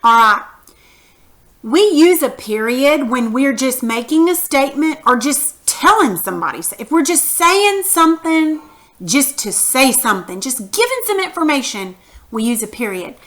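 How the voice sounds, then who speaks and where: A woman's voice: sits high, sing-song, normal speed, a bit bright. A woman teaching a punctuation lesson to young children, patient and encouraging, reading example sentences aloud with exaggerated emphasis.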